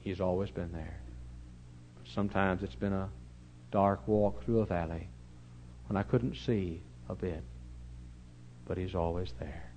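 A man's voice: deep voice, steady tone, unhurried, pauses often, a little hiss or hum. Folksy Texan preacher man, lo-fi. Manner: folksy, humorous, swings from loud to hushed. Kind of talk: storytelling sermon.

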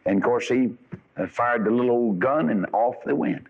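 A man's voice: medium pitch, lively intonation, moderate pace, creaky. A man preaching a sermon, telling folksy stories with rising and falling emphasis. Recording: dull lo-fi radio broadcast.

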